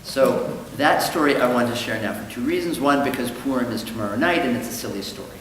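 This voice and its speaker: A man's voice: mid-range voice, quick pace, fairly bright tone, a little hiss or hum. Male rabbi teacher, chatty lecture, very reverberant hall. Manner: conversational, explanatory, with ums. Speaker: rabbi teaching a study class. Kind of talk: lecture with storytelling. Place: synagogue hall. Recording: echoey hall with long reverb.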